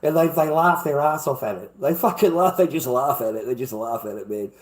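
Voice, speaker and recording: A middle-aged man with an Australian accent talks straight to his stream chat. He is blunt, swears at nearly every turn, and repeats himself as he goes. His pitch sits in a plain middle range. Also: expressive, fairly quick. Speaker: livestreamer. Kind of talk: profane livestream rant to chat.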